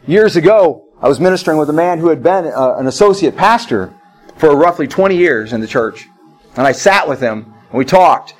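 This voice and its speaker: A man's voice: sits high, low-quality recording. A middle-aged male pastor preaching a sermon, repeating phrases and telling personal stories.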